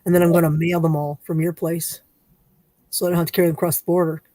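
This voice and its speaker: A woman's voice: on the low side, level tone, fast, dark tone, dry recording. A woman, rambling and teasing in casual chat while she crafts on a livestream. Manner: rambling, chatty, playfully teasing.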